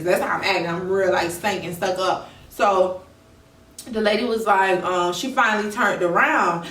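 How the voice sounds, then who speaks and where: A young woman vlogger with a medium-pitched, fairly bright voice tells her viewers a personal story candidly and emotionally, at a moderate pace. The storytime vlog was recorded in an echoey room with the mic at a distance.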